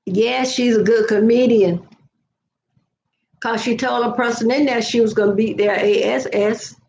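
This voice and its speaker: A woman's voice: a little high, fairly even intonation, unhurried, vocal fry, darkish tone, roomy sound, muffled recording, slight background noise. An older woman telling stories to viewers in a chatty live video, laughing often. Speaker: vlogger. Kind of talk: casual live chat.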